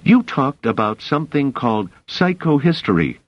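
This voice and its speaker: A man's voice: medium pitch, very animated, normal speed, no echo, muffled recording, voice pushed up. A man voicing an eager, solemn young male laborer who speaks insistently. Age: young adult.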